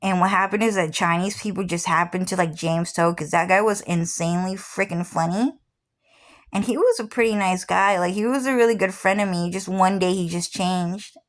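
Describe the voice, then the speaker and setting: Female, 30s, lower pitch; loose and repetitive storyteller who curses casually. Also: normal speed. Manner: rambling, repeats "what happened is", swears freely. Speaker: vlogger.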